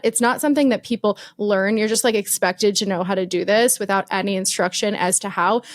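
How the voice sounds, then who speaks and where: A young woman co-hosting a podcast, talking through tips in a relaxed, explanatory way and leaning on fillers like "like" and "um." Her voice sits at an ordinary middle pitch and is recorded dry and close, with no room echo. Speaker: podcast co-host. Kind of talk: casual business podcast chat.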